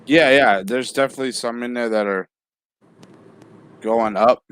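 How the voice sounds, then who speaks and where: A man at a mid pitch hosts a casual livestream, distracted as he handles guests and chat. He talks in loose, easygoing bursts. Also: normal speed, a bit bright, a little hiss or hum. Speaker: livestream host.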